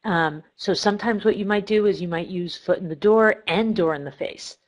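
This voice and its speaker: A woman's voice: medium pitch, normal speed, highs cut off. A middle-aged woman therapist giving a recorded lecture on treatment techniques, explaining step by step with frequent ums and self-corrections. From Cleveland, Ohio.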